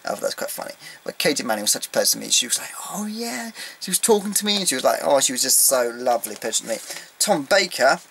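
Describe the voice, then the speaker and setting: A man chats into the camera at home, rambling and excitable, his talk full of ums and restarts. His voice sits at an everyday middle pitch. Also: rapid-fire, gravelly, a little hiss or hum, poor audio. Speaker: vlogger. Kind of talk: casual fan vlog recap. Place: indoors at home, beside his collection.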